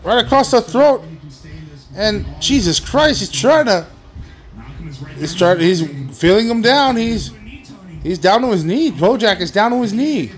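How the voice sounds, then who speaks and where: A man hosting a wrestling watch-along, excitedly calling the action, swearing a lot and shouting at the big moves. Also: high voice, a little slow, long pauses. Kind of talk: excited live commentary.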